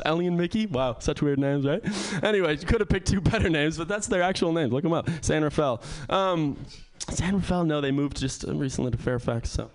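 A man doing a rambling, crude stand-up set with deadpan asides on a comedy club stage. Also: a little high, fairly quick.

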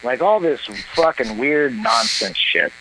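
A man telling a long comic story on a talk show, animated and profane, acting out what others said. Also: mid-range voice, measured pace, background noise. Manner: animated, profane, acts out quoted voices. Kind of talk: casual storytelling.

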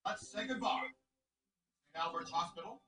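A man's voice: high-pitched, moderate pace, bright, forceful tone, echoey room, far from the mic, poor audio. An actor playing a man who makes a formal hospital announcement, heard in a movie clip played back with music behind him. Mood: announcing.

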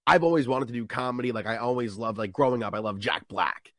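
A young stand-up comedian chats casually in an interview, animatedly acting out what people say to him with jumps in pitch. He talks fast, and the recording is dry and studio quality.

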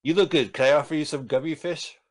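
A man's voice: a little high, fairly even intonation, quick pace. A man joking around while co-hosting a casual movie commentary. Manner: joking, wisecracking. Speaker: film commentary co-host. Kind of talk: casual chat over a movie.

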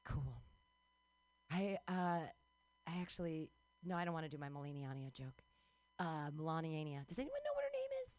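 A woman's voice: fairly low pitch, big pitch swings, a little fast, long pauses, a little mellow, no room sound. A woman in her thirties hosting a comedy show, riffing sarcastically and introducing comedians. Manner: sarcastic and rambling.

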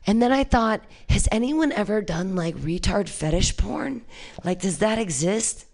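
A woman performing a stand-up comedy set, brash and crude, swinging between shrieked punchlines and low muttered asides. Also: animated, unhurried, darkish tone. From California.

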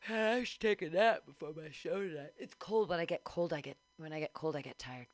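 A woman's voice: low voice, a little fast, hardly any pauses, no room sound. A woman hosting a radio show, rambling casually, giggly and drifting into mumbles. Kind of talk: casual chat.

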